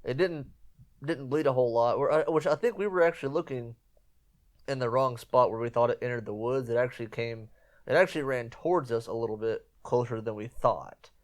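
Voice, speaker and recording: A man's voice: medium pitch, a little fast. A man hosting a podcast, telling a hunting story in a rambling, casual way and repeating himself. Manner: rambling, repeats himself, quotes others in lively voices. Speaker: podcast host.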